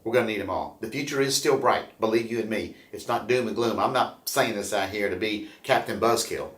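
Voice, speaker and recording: A man's voice: fairly low pitch, moderate pace, a bit bright. A man hosting a local morning show, rambling and upbeat, often repeating words as he talks. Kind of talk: casual local news talk. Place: room at a chamber building. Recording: roomy echo.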